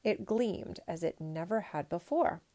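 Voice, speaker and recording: A woman reading a picture book aloud in a measured, expressive storytelling manner. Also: fairly low pitch.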